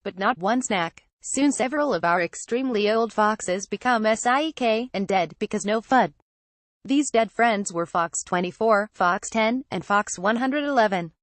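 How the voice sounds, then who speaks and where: A woman's voice: mid-range voice, measured pace, no room sound. A woman narrating an audiobook in an earnest, naive first-person storytelling manner.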